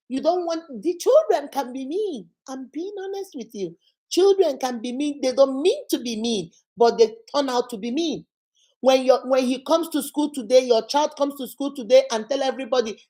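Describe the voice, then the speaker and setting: A woman's voice: fairly high pitch, warm tone. A woman host giving relationship advice straight to the viewer, firing off rhetorical questions and calling her "my sister". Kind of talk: direct-address advice talk.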